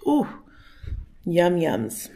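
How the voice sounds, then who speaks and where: A woman's voice: on the low side, huge pitch swings, very slow, vocal fry, dark tone. A woman vlogging casually at home, chatting and rambling with lots of fillers. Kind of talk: casual vlog chat to camera. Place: at home in her kitchen.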